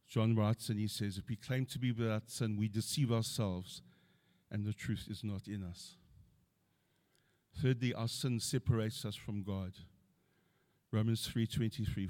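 A man's voice: on the low side, mellow. A middle-aged man preaching a sermon, earnestly quoting scripture and building to emphatic points.

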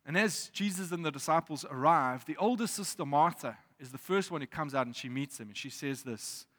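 Man, preacher, sermon, reflective, higher voice, long hall reverb. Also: lively intonation, a bit bright. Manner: reflective, reads scripture aloud with pauses.

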